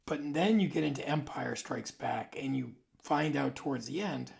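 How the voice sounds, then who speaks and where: A man in his forties talking casually to camera, rambling and conversational, sometimes dropping into soft asides. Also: medium pitch, moderate pace, vocal fry. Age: 40s. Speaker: video host. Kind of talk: casual monologue.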